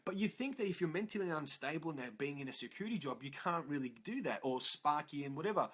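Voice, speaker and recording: A man's voice: fairly high pitch, animated, fast talker, fairly bright tone. An Australian man telling his own story in a raw, emotional and profane confessional way. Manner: raw, profane, emotional, frequent "yeah?" tag questions. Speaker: motivational vlogger.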